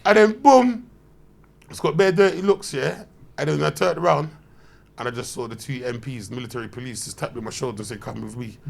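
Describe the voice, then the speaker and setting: A man, telling loud, slang-heavy, swearing stories as a podcast guest. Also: a little high, a little fast, creaky. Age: 30s. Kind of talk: animated anecdote telling.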